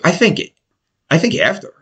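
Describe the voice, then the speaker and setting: A man's voice: normal speed, a bit bright. A man telling a story in casual, profane chat and acting out the people in it.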